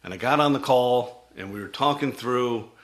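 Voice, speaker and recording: Man, middle-aged, company CEO, bright tense tone, dramatic storytelling presentation. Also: mid-range voice, moderate pace. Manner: dramatic, vivid delivery that acts out quoted dialogue.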